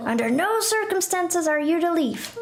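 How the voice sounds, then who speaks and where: A woman's voice: extremely high pitch, sing-song, normal speed, over music, pitched above the performer's own voice. A woman voicing a strict, commanding old grandmother from a game, in a roomy space with faint noise. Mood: stern.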